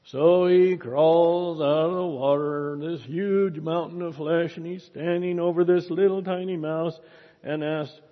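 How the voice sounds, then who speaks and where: A man's voice: on the high side, steady tone, measured pace. Male preacher, earnest and exhorting, muffled, dull recording with long reverb. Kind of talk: sermon with closing prayer.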